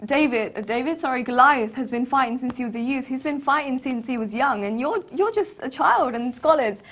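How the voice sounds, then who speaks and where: A woman co-hosting a relaxed chat about a Bible story, her voice sitting a little high for a woman. She breaks into small laughs often between phrases. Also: fairly quick. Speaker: co-host. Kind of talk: casual Bible discussion.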